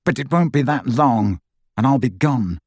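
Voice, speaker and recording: A brooding, defensive boy who speaks in a low, guarded way, as a man reads him. His inflection moves a lot. The recording is dry and close. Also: lively intonation, moderate pace, a little mellow, no room sound.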